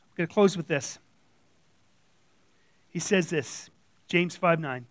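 A man's voice: on the high side, slow pace, long pauses, no room sound. A man preaching an informal sermon as a church elder, blunt and conversational, slipping into quoted voices. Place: church room with audience.

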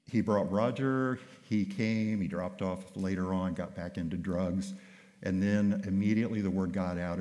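Low-voiced older male pastor in an echoing hall. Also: warm tone. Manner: conversational, anecdotal, with frequent restarts. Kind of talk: sermon storytelling.

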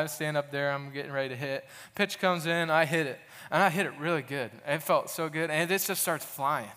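A man's voice: fairly high pitch, pushed and bright. A young adult man preaching a sermon in an earnest, casual way, telling stories and often restarting his sentences. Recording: long hall reverb.

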